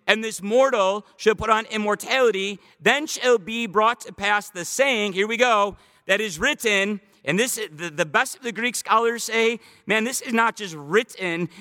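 A man preaching a sermon as pastor, animated, slowing down to stress scripture quotes. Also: high voice, in a large hall.

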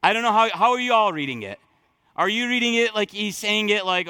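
Male pastor, high and bright, earnest, casual preaching style, dry close sound. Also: fairly quick, smooth, dry recording. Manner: conversational, thinking aloud with frequent fillers and restarts. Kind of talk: sermon.

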